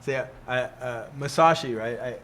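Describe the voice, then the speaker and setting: A man's voice: mid-range voice, normal speed, a bit bright, slight background noise. An older man teaching in a loose, rambling way, who keeps checking in with "see?" and chuckles often. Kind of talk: casual teaching talk.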